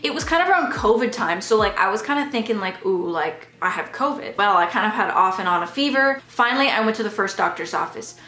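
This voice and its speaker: A young adult woman vlogger telling a casual, animated story, slipping in and out of the voices of the people in it. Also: mid-range voice, fast, few pauses. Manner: animated, chatty, acts out quoted voices. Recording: echoey room with faint background music.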